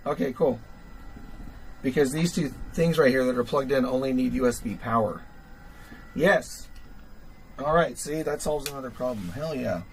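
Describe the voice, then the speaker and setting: The audio is poor, with slight background noise, as a man hosts a livestream and tinkers with gear. His mid-range voice is creaky, his pace moderate, and he leaves long pauses. The chat is casual and rambling, full of fillers as he thinks aloud and chuckles at himself.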